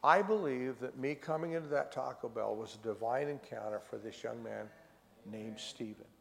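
A man's voice: mid-range voice, moderate pace, vocal fry. A man preaching a sermon, fervently telling stories and acting out conversations with the people he met. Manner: fervent storytelling, acting out dialogue. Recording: long hall reverb.

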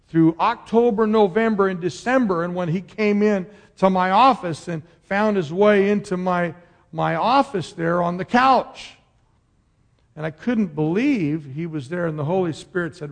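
A middle-aged male pastor preaching a sermon, moving between rousing declarations and a hushed storytelling voice. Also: high-pitched. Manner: impassioned preaching, dropping to a soft storytelling voice.

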